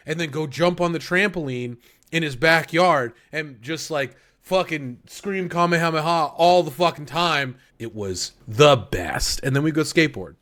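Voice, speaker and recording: Excitable, swearing man on a podcast. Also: a little high. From United States. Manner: excitable, profane, emphatic. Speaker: podcast co-host. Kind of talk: casual anime review chat.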